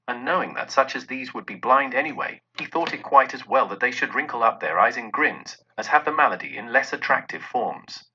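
Man narrating expressively, husky and bright. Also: mid-range voice. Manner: expressive, dramatic. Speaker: reader. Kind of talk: storybook narration. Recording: dull lo-fi recording.

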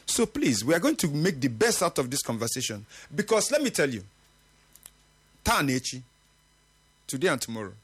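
A husky-voiced middle-aged man hosts a morning radio talk show. He speaks earnestly and with emphasis, and his pitch swings widely as he makes his points. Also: sing-song, normal speed, long pauses. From Nigeria. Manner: earnest, emphatic, with occasional laughs. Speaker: radio host.

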